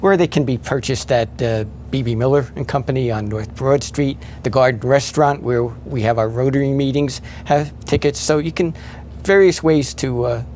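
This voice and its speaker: A man talking in a relaxed local interview, listing event details with many fillers and restarts. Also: mid-range voice, moderate pace, a little hiss or hum. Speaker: event organizer guest. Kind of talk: casual interview chat.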